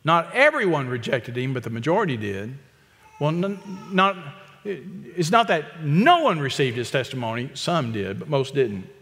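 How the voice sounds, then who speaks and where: A man preaching an expository sermon, emphatic and repetitive, with quick asides to the congregation. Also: medium pitch, very animated, a bit bright, big-room sound. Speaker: pastor.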